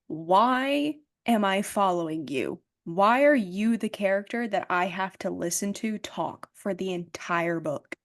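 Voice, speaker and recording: A woman's voice: medium pitch, expressive, measured pace, few pauses. A young woman co-hosting a podcast, speaking in a laid-back casual chat and laughing often. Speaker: podcast co-host.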